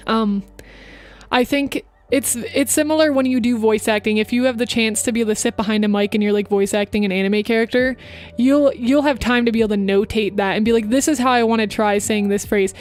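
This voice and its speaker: A woman's voice: a little high, steady tone, brisk, darkish tone. A woman streamer chatting casually into her microphone, giving upbeat voice acting tips to her chat. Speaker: VTuber streamer.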